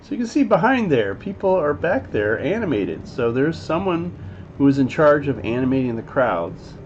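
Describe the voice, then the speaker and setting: Speaking as a teacher at a moderate pace in a slightly high voice, a man casually breaks down an animated scene. He rambles with lots of fillers and sometimes voices the characters' lines. The lo-fi audio is slightly dull, with faint background noise.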